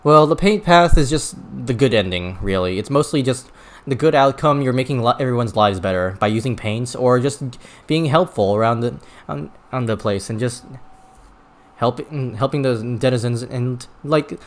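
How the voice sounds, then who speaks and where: A man's voice: medium pitch, moderate pace. A man streaming a video game, talking casually in a rambling way with many restarts and stumbles. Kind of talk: casual gameplay commentary.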